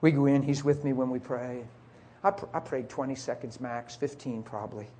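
A middle-aged man preaching a sermon as a story, acting out the voices and swinging from soft whispers to high cries. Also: steady tone, moderate pace, slight background noise.

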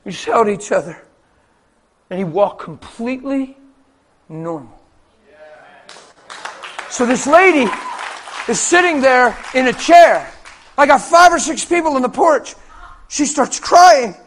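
High-voiced impassioned man preaching. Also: big pitch swings, slow, pauses often, some chatter behind, a little hiss or hum. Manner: impassioned, swings between hushed and booming. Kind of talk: testimony-style sermon storytelling.

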